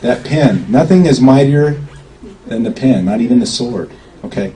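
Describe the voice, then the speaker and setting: A man talks informally to a standing group, chatty and often pausing to ask "okay?". His voice is mid-range and dark-toned, with lively intonation and a moderate pace. The recording comes from a distant mic with faint background noise.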